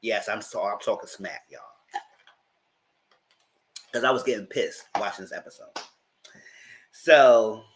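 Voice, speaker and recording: A man's voice: fairly low pitch, a little slow, pauses often, a little hiss or hum. A man hosting a live TV recap, telling the episode's story dramatically with slang asides and heated commentary. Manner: colorful and heated, swears in his commentary. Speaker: TV reviewer and channel host.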